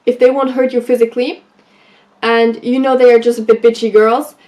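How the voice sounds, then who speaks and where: A woman vlogger giving advice in a casual, animated way, telling stories from her school days and acting out what people said. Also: on the high side, fairly quick. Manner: animated, acts out quoted lines. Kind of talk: casual storytelling advice vlog.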